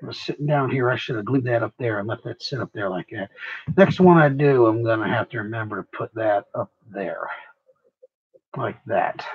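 A man's voice: mid-range voice, normal speed, breathy edge, lo-fi sound. A man livestreaming while he works on a craft project, tired, rambling and profane, mocking himself as he goes.

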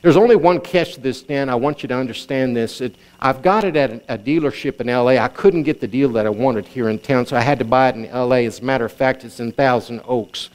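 A male pastor preaching a sermon, telling a long example story and moving from quiet, confiding lines to raised, urgent exhortation. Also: a little fast, few pauses. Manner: storytelling preacher, swings from low confiding tones to raised exclamations.

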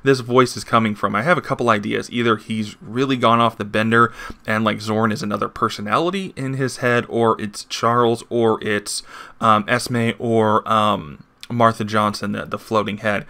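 A man with a low, gravelly voice and a bright, forceful edge hosts a casual comic review. He talks in a chatty way and reads panel dialogue aloud between his own remarks. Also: fairly even intonation, moderate pace. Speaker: comic book reviewer and host.

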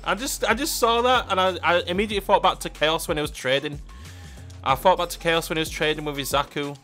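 A young man from the UK talks to his live stream audience in a playful, laughing way, breaking into loud pleading outbursts. His voice sits a little high. Faint music plays underneath. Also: fast. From United Kingdom. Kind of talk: live game stream chat.

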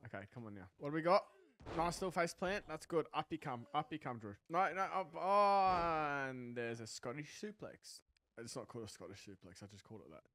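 A man commentating his own wrestling video game match. He is excitable, swears, and shouts at the game. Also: a little high, brisk. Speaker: gaming channel host. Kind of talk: live gameplay commentary.

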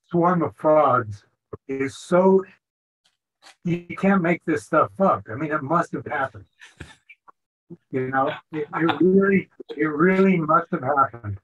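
A man's voice: fairly high pitch, a bit bright, highs cut off. An older man in a study group, talking earnestly and repeating himself.

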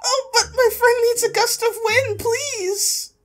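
A woman doing a squeaky begging plant creature. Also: fairly even intonation, slow, slight background noise. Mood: pleading. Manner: desperate, begging. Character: small fluffy pleading plant creature.

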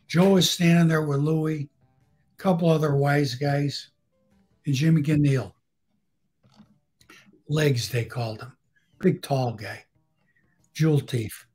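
This older man speaks with a husky, slightly high voice. He tells his story bluntly, swears freely, and acts out what the other people said. Faint music plays behind him. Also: slow pace, pauses often, a little mellow. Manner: blunt, profane, acts out quoted dialogue. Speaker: guest storyteller. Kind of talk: casual storytelling on a live stream.

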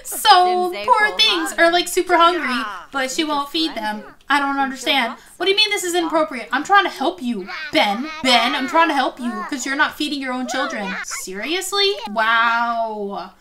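Young woman narrating her sims game, high voice, gasps and gushes a lot, crowd noise behind. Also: animated, moderate pace, hardly any pauses. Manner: gushing, gasps often, repeats "oh my gosh". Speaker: gaming video host. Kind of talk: Sims let's play commentary.

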